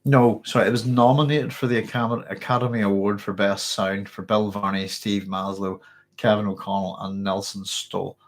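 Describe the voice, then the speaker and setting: A man's voice: lowish voice, little pitch movement, normal speed. A man hosting a live viewer Q&A stream, thinking aloud, thanking viewers and correcting himself as he goes. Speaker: host answering viewer questions.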